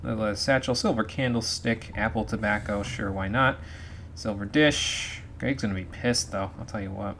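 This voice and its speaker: A man's voice: on the low side, steady tone, normal speed, fairly bright tone, slight background noise. A man streaming a game, chatting wryly and muttering asides as he loots. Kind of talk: casual let's-play commentary.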